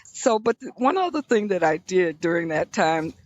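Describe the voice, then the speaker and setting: A woman's voice: lowish voice, big pitch swings, normal speed, darkish tone, dull audio. An older woman from Birmingham, Alabama, recalling her past as a guest in an interview, in a reflective storytelling manner. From Birmingham, Alabama, USA.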